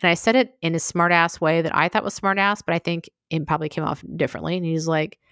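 A woman's voice: fairly low pitch, fairly even intonation, quick pace, fairly bright tone, smooth, no room sound. A woman hosting her own podcast, talking frankly and conversationally, full of asides, into a close mic. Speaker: podcast host. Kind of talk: candid solo podcast monologue.

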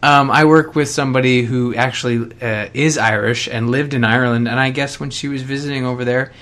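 A man's voice: mid-range voice, fairly even intonation, fairly quick, fairly bright tone. Man, from Canada, podcast co-host, dry humor, casual. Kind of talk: casual chat.

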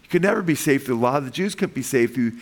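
A man preaching a sermon as pastor, reading scripture slowly and rising in pitch and volume to stress points, asking the congregation questions. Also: expressive. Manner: reads verses slowly, asks the congregation questions.

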